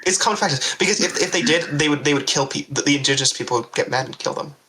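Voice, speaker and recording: A man's voice: on the high side, very fast, bright, forceful tone, poor audio. A young man co-hosting a casual film podcast, rambling through plot details with many fillers and restarts. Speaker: podcast co-host. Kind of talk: casual film-review chat.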